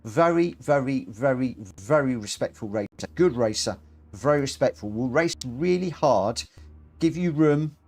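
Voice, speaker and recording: A man's voice: medium pitch, lively intonation, normal speed, darkish tone. A man hosting a live racing game stream, talking in a chatty, rambling, self-deprecating way. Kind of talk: casual live-stream commentary.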